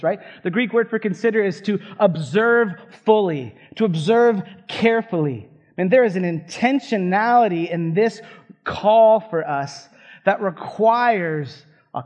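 A high-voiced man preaches a sermon with fired-up, conversational energy and quick asides to his listeners. The recording sounds a little dull and muffled. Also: darkish tone. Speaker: pastor.

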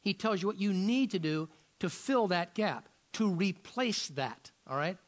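A man's voice: high voice, lively intonation, unhurried. A man preaching a sermon as a pastor, firing off rhetorical questions and often repeating words as he searches for the next thought.

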